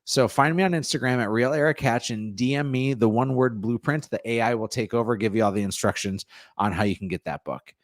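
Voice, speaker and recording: A man guest, a real estate coach, answering interview questions in an energetic, salesy way. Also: mid-range voice, a little fast, no room sound, studio quality. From North Dakota. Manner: energetic, salesy, plugs his offers.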